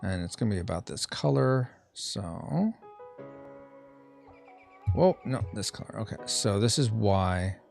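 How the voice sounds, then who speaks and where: A man talks through his pixel art on a relaxed live stream, his voice bouncing around with lots of lift and dip. He thinks aloud, answers chat, and tosses in silly little sound effects. Quiet music runs underneath. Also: lowish voice, a little slow, creaky, pauses often. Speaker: streamer and podcast host. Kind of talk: casual live-stream chat while drawing.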